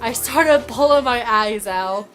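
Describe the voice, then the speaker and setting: A woman from Indiana telling a story in a casual vlog, excited and rambling, filling her talk with "like". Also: a little high, slow pace, soft background music. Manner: excited, rambling, heavy use of "like". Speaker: vlogger.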